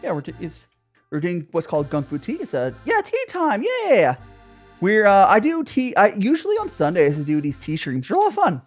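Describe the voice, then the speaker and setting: A woman streamer chatting casually with her viewers, bubbly and quick to laugh. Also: medium pitch, huge pitch swings, faint music behind.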